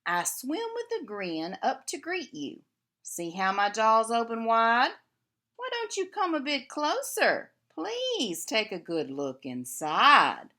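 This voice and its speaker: A woman's voice: a little high, huge pitch swings, takes it slowly, bright, forceful tone, heavily acted. A woman voicing a grinning shark in a children's book, sly and coaxing. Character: grinning, menacing shark luring prey closer.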